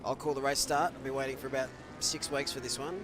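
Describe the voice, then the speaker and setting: A man commentating an online racing event, chatty and joking, getting loud and excited when the race action kicks off. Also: mid-range voice, quick pace, noisy background.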